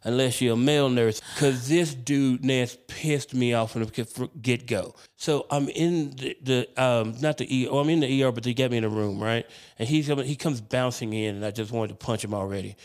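A man, a comedian, telling hospital stories on a podcast in an animated, candid, profane way. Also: medium pitch, normal speed, hardly any pauses. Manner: animated, profane, self-deprecating. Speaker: comedian guest. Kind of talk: casual podcast storytelling.

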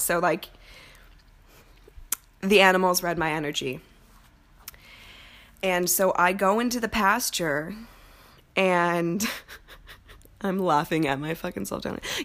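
A young woman hosting a podcast, telling a personal story in a candid, profane, animated way. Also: medium pitch. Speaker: podcast host. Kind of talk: casual storytelling monologue.

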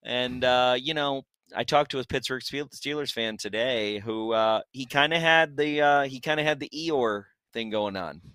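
A man's voice: mid-range voice, moderate pace, few pauses, fairly bright tone, clear, resonant tone, no room sound. A man co-hosting a casual sports podcast, playful and incredulous as he tells stories. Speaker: podcast co-host.

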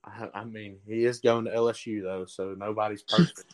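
Southern teen ballplayer, alabama drawl, lowish smooth voice, lots of ums. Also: male voice, little pitch movement, rough recording. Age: teens. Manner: halting, with many ums and restarts. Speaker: baseball recruit guest. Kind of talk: casual interview answers.

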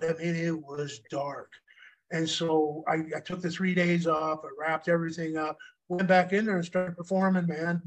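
A man's voice: on the high side, low-quality recording. A middle-aged man, a retired wrestler, telling rambling, profane stories in casual chat and repeating himself as he goes.

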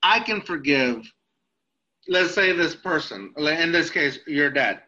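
A man's voice: fairly high pitch, expressive, slow, bright, forceful tone, lo-fi sound. A man hosting a podcast, a teacher, talking in a hesitant way and searching for his words. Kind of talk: casual podcast interview.

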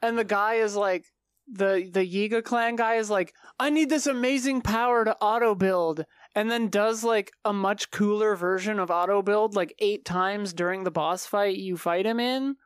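A woman guest in a casual chat, animated, quick with asides and often laughing. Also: mid-range voice, clean tone, dry recording, studio quality.

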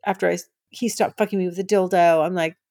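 A woman's voice: on the low side, fairly even intonation, quick pace, darkish tone, no echo, clean studio sound. A woman hosting a podcast, frankly telling a personal story, gushing and laughing often. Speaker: podcast host.

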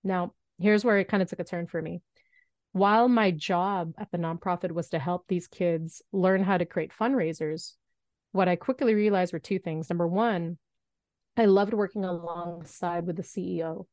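A woman in her thirties telling a story as a podcast guest, animated and acting out the voices she quotes. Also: on the low side, normal speed, dry recording. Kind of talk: storytelling in an interview.

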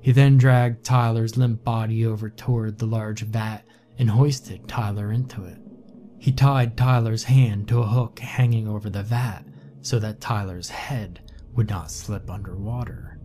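A man narrating a horror story in a slow, measured, somber scripted read. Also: on the low side, steady tone, mellow. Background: faint music.

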